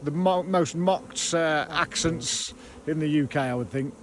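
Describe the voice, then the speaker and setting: A man's voice: a little high, measured pace, slight background noise. A man with a Black Country accent, chatting and joking while removing bees. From Black Country, England. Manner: jokey, banters with slang. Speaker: bee removal worker. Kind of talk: casual chat while working.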